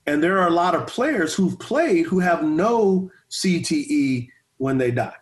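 With a fairly high, animated voice and a measured pace, this former football player turned pastor, in his forties, shares stories during a relaxed interview. He talks with energy, though he repeats words now and then and stutters a bit.

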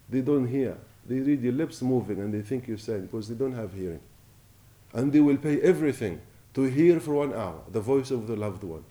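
Impassioned preacher, man, mellow voice. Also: medium pitch, expressive. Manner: impassioned, rising and falling, recites Arabic quickly. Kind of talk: Ramadan sermon.

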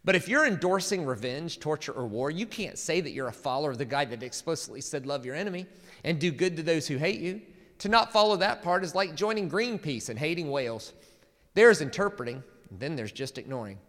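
A man reading a quote aloud from the pulpit in a put-on American Southern accent, loud and emphatic, with long hall reverb. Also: a little high, expressive, brisk, pitched above the performer's own voice. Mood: mocking. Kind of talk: sermon.

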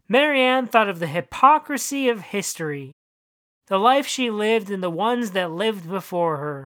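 A storyteller reading their own odd short fiction and then dropping into casual commentary. The voice is bright and clear. The recording is dry and close. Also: medium pitch, expressive, a little slow, no room sound. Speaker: author and narrator.

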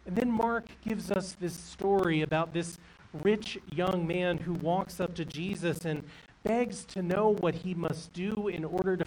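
Preaching man, somewhat high voice, distant. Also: a little mellow. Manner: earnest storytelling preaching. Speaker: pastor. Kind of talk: sermon.

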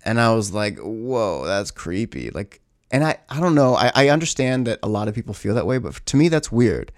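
A man's voice: medium pitch, lively intonation, brisk, dry recording, clean studio sound. A man casually telling a story to his camera in a rambling, self-correcting, sometimes profane way. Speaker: vlogger.

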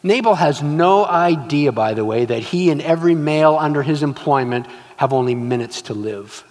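Male pastor, sermon, lively swooping delivery, acts out stories, long hall reverb. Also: fairly high pitch, moderate pace. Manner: animated storytelling, acts out scenes, emphatic repetition.

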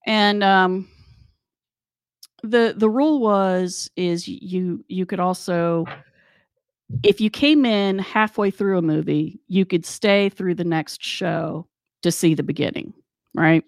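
A woman telling a work story in a chatty, wry, animated way. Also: lowish voice, gravelly, no echo, studio quality. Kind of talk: casual storytelling.

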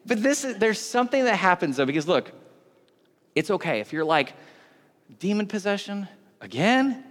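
A man's voice: high voice, very animated, fairly quick, fairly bright tone. Man, pastor, sermon, conversational, joking, long reverb in a big hall. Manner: conversational, joking, self-interrupting.

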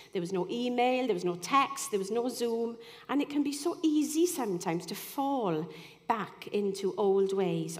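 A woman delivers a sermon in an earnest, chatty way, often pausing for a "you know." Her voice sits at an ordinary middle pitch. A long reverb trails each phrase, as in a large hall. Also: a little mellow. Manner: earnest, conversational, with frequent "you know" asides. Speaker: speaker giving a devotional talk.

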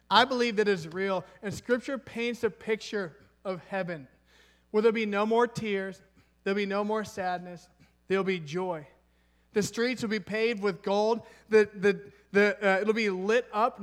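A man's voice: high-pitched, fairly bright tone. A young man preaching a conversational sermon, enthusiastic and chatty, with laughs and asides. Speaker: pastor.

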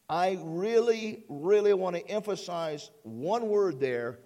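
A man's voice: high-pitched, measured pace, few pauses, warm tone. A man preaching a sermon as a church pastor, repeating phrases and calling out for amens from the congregation.

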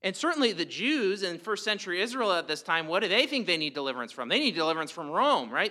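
Preaching fast with hardly any pauses and big pitch swings, this pastor has a bright, forward voice a little high for a man. His sermon is emphatic, packed with rhetorical questions and repeated words that build his argument.

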